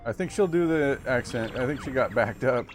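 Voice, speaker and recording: A man's voice: mid-range voice, lively intonation, moderate pace, faint music behind. A man streaming a game, thinking aloud in casual, mumbled, unsure commentary as he plays. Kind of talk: casual commentary while playing.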